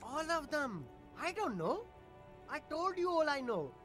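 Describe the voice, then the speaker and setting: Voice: sits high, very animated, measured pace, a bit bright, faint music behind, full character voice. A voice actor playing a defensive, boastful street vendor in a video game who keeps dodging questions with rambling denials. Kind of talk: game voice acting.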